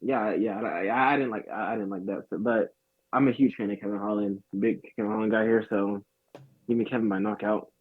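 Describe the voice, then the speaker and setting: A man joining a casual betting chat, talking fast with lots of restarts. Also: fairly low pitch, fairly even intonation, husky, no room sound. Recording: tinny phone-like line.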